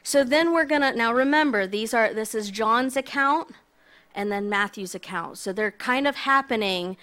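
Woman preaching casually, fairly high voice, chatty and jokey. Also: moderate pace, fairly bright tone. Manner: casual, conversational, self-deprecating. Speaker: guest preacher. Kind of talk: sermon.

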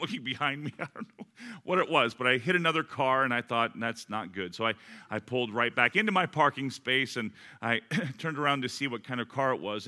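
A man, a pastor, preaching a sermon and telling a personal story, acting out both sides of the conversation. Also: mid-range voice. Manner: animated storyteller, acts out both sides of a dialogue.

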